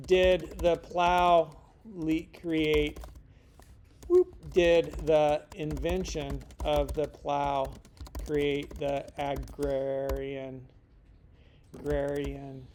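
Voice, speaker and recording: A man's voice: on the high side, a little mellow, a little hiss or hum. A middle-aged man teaching a casual lecture in a rambling, joking way, full of slangy asides. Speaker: instructor.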